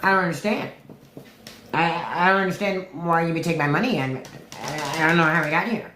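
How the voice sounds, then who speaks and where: A woman's voice: low-pitched, brisk, noisy background, close to an everyday voice. A woman putting on a whiny, panicking billionaire man who stammers and pleads indignantly. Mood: pleading. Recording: roomy echo.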